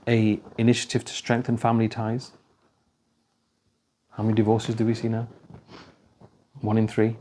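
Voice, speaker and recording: A man's voice: fairly low pitch, monotone, normal speed, pauses often, warm tone, slight background noise. A man giving a conversational religious talk, telling stories and acting out the dialogue. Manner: anecdotal, conversational, acts out dialogue. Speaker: speaker at a talk.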